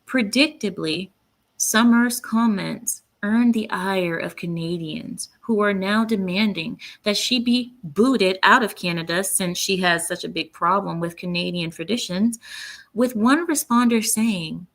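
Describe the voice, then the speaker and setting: A woman's voice: mid-range voice, a little slow, a bit bright. A woman hosting her own commentary channel, speaking bluntly and with indignation, often breaking off to read quotes aloud. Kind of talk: opinionated solo commentary.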